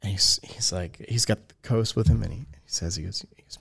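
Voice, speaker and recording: A man's voice: lowish voice, brisk, vocal fry, a bit bright, husky. A man co-hosting a podcast, chatting casually and cutting in with teasing, laughing remarks. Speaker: podcast co-host.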